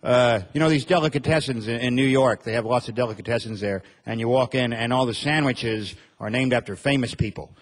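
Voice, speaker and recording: A man from Montana performing a stand-up comedy set on stage, with a deadpan, drawling delivery. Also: mid-range voice, a little fast, hardly any pauses. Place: comedy stage before an audience.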